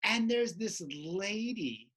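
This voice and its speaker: A woman podcast host telling a stage story in casual chat, acting out shouting voices. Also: medium pitch, takes it slowly, breathy edge. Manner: lively storyteller who shouts out quoted voices.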